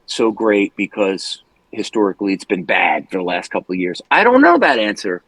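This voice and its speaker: Animated man telling stories. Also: on the low side, moderate pace, no room sound, low-quality recording. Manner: animated storyteller, swears freely, laughs often. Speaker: guest singer. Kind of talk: casual interview chat.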